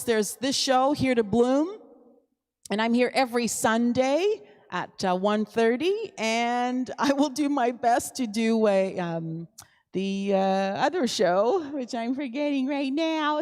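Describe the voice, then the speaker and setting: A woman's voice: a little high, animated, slow pace, darkish tone, big-room sound. A woman singer-songwriter hosting her own live stream, talking casually and upbeat with plenty of fillers and little laughs.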